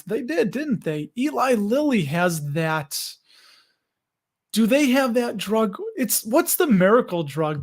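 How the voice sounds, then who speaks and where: A man hosting a casual livestream, reading viewer comments and chatting loosely with frequent laughs. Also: high-pitched. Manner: chatty, laughs often, self-deprecating. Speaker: livestream host reading chat. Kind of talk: casual live chat.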